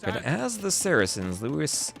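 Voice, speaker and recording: Gravelly, animated male game caster. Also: a little high, moderate pace, faint music behind. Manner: animated play-by-play, chatting with viewers. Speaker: esports caster and stream host. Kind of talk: live-streamed strategy game commentary.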